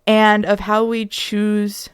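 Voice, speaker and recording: A young woman tells a personal story on her podcast, candid and reflective, acting out moments as she goes. Her voice is smooth and clear, and she takes her time. The recording is dry and close. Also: mid-range voice, takes it slowly, no room sound. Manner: candid, reflective, animated retelling. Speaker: podcast host.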